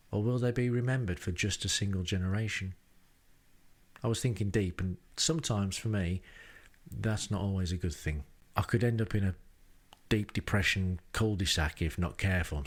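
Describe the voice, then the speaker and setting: A man's voice: lowish voice, moderate pace. A man hosting a podcast, narrating a travel diary in a dry, self-deprecating way with wry asides. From England. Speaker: podcast host. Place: rented home.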